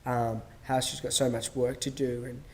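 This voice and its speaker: A man hosts a podcast in a casual, rambling monologue full of fillers and restarts, acting out dialogue as he tells stories. His voice is medium-pitched and level, at a normal speed.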